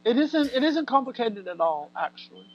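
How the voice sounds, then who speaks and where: An American actress talking casually as a guest in an interview, animated and laughing often as she acts out what people said. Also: fairly high pitch, normal speed, no room sound, lo-fi sound. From United States. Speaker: guest actor.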